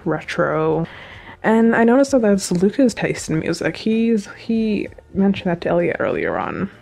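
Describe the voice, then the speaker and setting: A woman chatting casually as a video reviewer, recapping an episode in a gushing, animated fan manner. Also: medium pitch, creaky.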